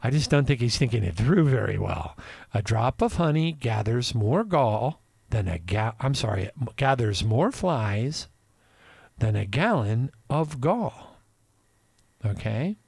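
Male podcast host, chatty news commentary, lively pitch, digressive, laughs often. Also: a little slow, vocal fry, slightly rough, no echo.

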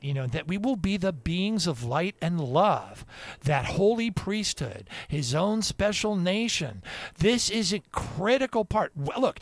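A male talk radio host with a fairly high, lively voice that swoops up and down. He chuckles through his points and drifts into preachy asides, and he sounds dry and close to the mic. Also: no room sound. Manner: chuckles often, preachy asides, trailing restarts. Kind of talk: casual Christian talk radio commentary.

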